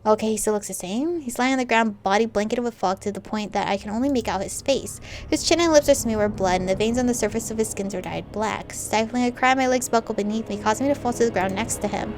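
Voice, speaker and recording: A young woman gamer reading a story game aloud, her fairly high voice swinging from quiet narration to loud excited reactions. Faint game music plays underneath. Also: fast, few pauses.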